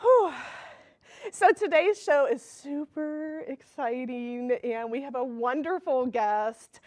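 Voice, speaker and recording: Woman talk-show host, high voice, upbeat joking delivery. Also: takes it slowly, a little mellow, no echo, studio quality. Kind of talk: comedic show opening.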